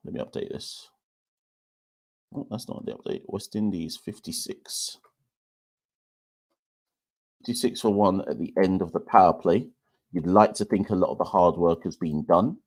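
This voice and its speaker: A man's voice: deep voice, a little slow, long pauses. A young man hosting a live cricket watchalong, chatting casually to viewers in a loose, self-deprecating way. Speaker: podcast host.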